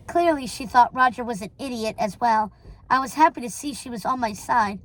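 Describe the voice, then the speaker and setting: A woman reading a novel aloud in a steady way, with small stumbles and self-corrections. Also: fairly high pitch, a little fast, poor audio. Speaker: reader.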